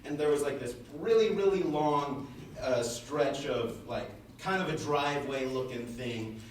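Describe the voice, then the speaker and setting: A man's voice: mid-range voice, measured pace, very echoey, slight background noise. A young man giving a class presentation, telling a story casually with lots of filler words, recorded from far off in a classroom. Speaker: student presenter. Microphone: far room mic.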